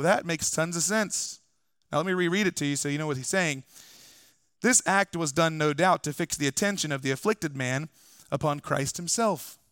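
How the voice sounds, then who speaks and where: Male pastor, sermon, casual preaching with wry asides, slightly high voice, dry close sound. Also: a bit bright, dry recording. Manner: conversational preaching with joking asides. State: recovering from illness. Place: church.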